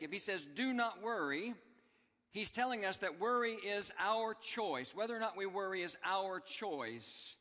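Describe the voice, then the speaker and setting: A man's voice: high-pitched, bright, forceful tone, in a large hall. A man preaching a sermon as pastor, emphatic and repeating his key phrases for the congregation. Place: church sanctuary.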